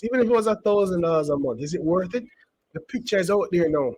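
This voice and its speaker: A man's voice: sits high, expressive, quick pace, a little mellow, slightly rough, poor audio. A man giving casual, rambling commentary as a channel host, emphatic and full of asides and restarts.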